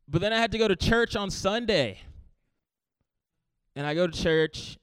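A man with a high, smooth voice tells a comic story on stage, animated and acting out every quoted line with sudden jumps in pitch and loudness. The sound is dry and close, with little room in it. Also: no echo. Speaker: stand-up comedian. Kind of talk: stand-up storytelling.

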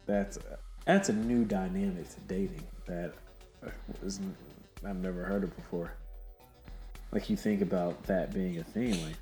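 A man's voice: low voice, a little slow, dark tone, soft background music. A man co-hosting a podcast, reflecting in casual chat with joking asides. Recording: echoey room.

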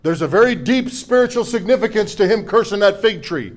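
Man, middle-aged, pastor, sermon, high-pitched, call-and-response, humorous asides. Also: expressive, fairly quick. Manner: preaching with call-and-response to the congregation; humorous asides, rises to forceful declarations.

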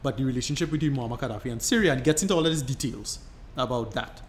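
Racing along in a mid-range voice, a male podcast co-host gives long, rambling explanations in casual conversation, frequently starting sentences over. There's a little hiss or hum.

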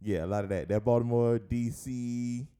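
A man's voice: mid-range voice, normal speed, dark tone, smooth. A man co-hosting and producing a casual podcast, a chatty storyteller who laughs often.

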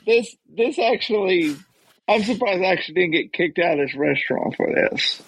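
A man's voice: high voice, lively intonation, normal speed, breathy edge, low-quality recording. A man in casual chat, telling a rambling story with many restarts.

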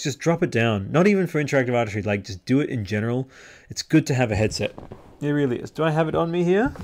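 An Australian man in his thirties rambles cheerfully through a live podcast stream, reading out chat messages and answering them off the cuff. His voice sits at an ordinary middle pitch, and his talk is loose and full of ums and restarts. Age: 30s. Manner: chatty and rambling, reading out viewer comments with frequent fillers. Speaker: podcast host. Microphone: headset-style home podcast mic.

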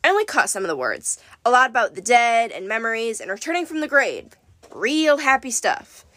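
A woman narrating a first-person story in a wry, lively way. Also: a little high, brisk, dry recording. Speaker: audiobook narrator.

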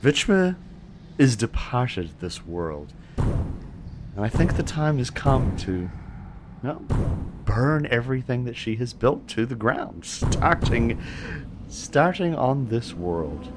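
A man voicing a cruel, mocking male villain who taunts in slow, drawn-out words. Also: mid-range voice, big pitch swings, noisy background, voice pushed up. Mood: gloating.

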